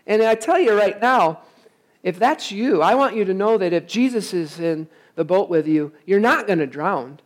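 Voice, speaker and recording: A man's voice: sits high, lively intonation, normal speed. Male pastor, emphatic sermon delivery, full of rhetorical questions to the congregation. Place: church service, also streamed online.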